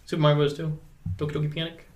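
A man's voice: a little high, monotone, very fast, darkish tone, slight background noise. A man co-hosting a podcast in casual chat, rambling with many fillers and restarts. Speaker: podcast co-host.

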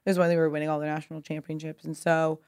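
In a low, dark yet clear and resonant voice, a woman speaks very fast with little pitch movement. She's a clothing brand founder in her thirties from Pasadena, California, a guest in a casual interview who rambles through stories, peppering them with "like" and casual swearing.

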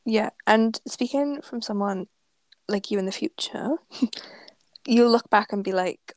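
A young woman with a slightly gravelly voice, co-hosting an advice chat and chiming in agreeably. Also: mid-range voice, darkish tone, no room sound. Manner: agreeable, quick interjections. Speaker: advice podcast co-host. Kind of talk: casual chat.

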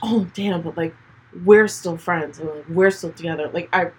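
A young woman in her twenties co-hosting a podcast, chatting casually and telling animated stories with a husky voice. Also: fairly low pitch, normal speed. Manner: chatty, animated storytelling with laughs. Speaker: podcast co-host. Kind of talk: casual chat.

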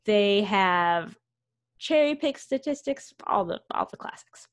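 A woman's voice: mid-range voice, lively intonation, measured pace, smooth. Woman podcast co-host, conversational, reads quotes with asides. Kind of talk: casual podcast chat reading news.

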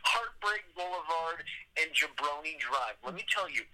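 A man's voice: fairly high pitch, expressive, normal speed, heavy background noise. A middle-aged man co-hosting a podcast in casual chat, effusive, playful and profane. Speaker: podcast co-host.

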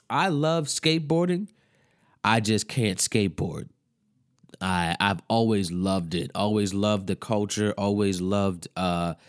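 A man hosting a podcast in loose, excitable casual chat, full of fillers and cursing. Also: fairly low pitch. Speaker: podcast host.

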